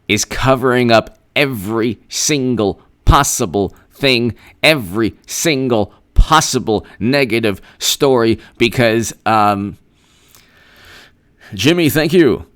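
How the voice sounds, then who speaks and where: Sarcastic man, slow mocking commentary. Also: mid-range voice, animated, fairly bright tone, smooth. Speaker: political commentary host. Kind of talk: live-stream political commentary.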